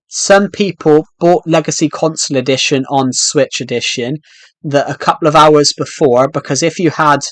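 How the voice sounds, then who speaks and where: Rambling British streamer, dry close sound. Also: male voice, on the high side, dry recording. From United Kingdom. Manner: rambling, with frequent restarts. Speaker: game streamer. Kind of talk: casual live-stream chat while playing.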